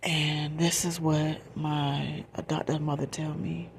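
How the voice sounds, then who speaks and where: A woman telling a personal ASMR storytime in a breathy whisper and soft talk, confiding and emotional, often speaking straight to her listeners. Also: deep voice, little pitch movement, slow, hardly any pauses, slight background noise. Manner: confiding, emotional, repeats phrases, addresses listeners directly.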